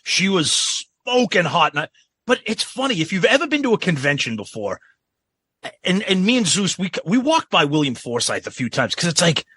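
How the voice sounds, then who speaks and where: A man's voice: high-pitched, big pitch swings, moderate pace, a bit bright, husky, dry recording. A man co-hosting a podcast in casual chat, rambling and chuckling as he talks, often repeating words. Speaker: podcast co-host.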